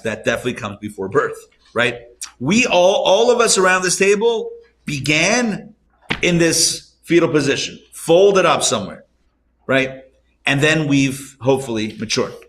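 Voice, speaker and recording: A man, a rabbi, teaching a live class around a table, conversational and animated, asking rhetorical questions. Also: mid-range voice. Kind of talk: live Torah class lecture.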